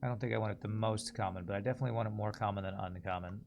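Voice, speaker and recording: Male streamer, low voice, muttering gameplay commentary over faint music. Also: steady tone, racing, creaky, a little mellow, dull audio. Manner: musing aloud, mumbling while deciding. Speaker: streamer playing a puzzle game.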